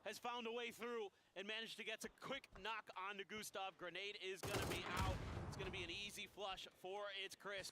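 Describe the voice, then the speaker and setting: A man calling a team shooter match as play-by-play commentary, steady and analytical. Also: sits high. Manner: steady analytical calling, rising when excited. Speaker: esports caster. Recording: noisy game broadcast.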